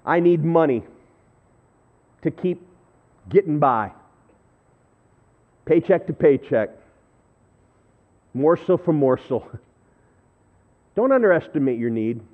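A man preaching a sermon, telling a story in a conversational, self-deprecating way and swinging between loud and hushed. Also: a little high, animated, unhurried, long pauses. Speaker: pastor. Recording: thin phone-like audio.

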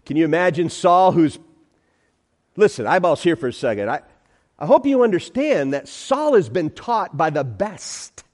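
A man's voice: on the high side, very animated, moderate pace, darkish tone. A man preaching a sermon as pastor in a church, emphatic, repeating phrases and calling out to the congregation.

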